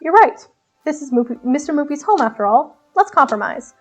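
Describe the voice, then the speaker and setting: A wealthy man fixated on beating an arcade high score answers in short, calm, slightly smug phrases, as a woman reading a game aloud does him. The voice stays high and relaxed. Quiet music hums in the background. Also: a little fast. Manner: curt, calm, a little smug.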